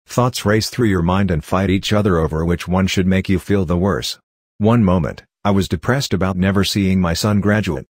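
A man voicing a drunk, grieving father who talks in a bitter, sarcastic way, in a deep voice. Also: moderate pace, no echo, studio quality.

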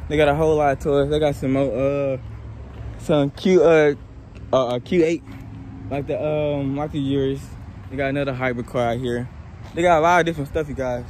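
A young man with a Southern US accent, chatting loosely and excitedly as he walks viewers around cars outdoors on a hot day, filmed on a handheld phone. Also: on the high side, slight background noise. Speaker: car vlogger. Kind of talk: casual walkaround car vlog.

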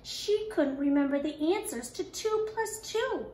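High, expressive woman reading aloud. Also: a little slow. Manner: expressive, animated storytelling. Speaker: kindergarten teacher. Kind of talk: reading a picture book aloud. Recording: echoey room.

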